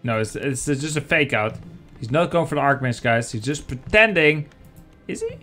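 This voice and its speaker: A man casting a strategy game match live, chatty and excitable, talking to viewers as guys. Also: mid-range voice, normal speed, faint music behind. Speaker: esports caster.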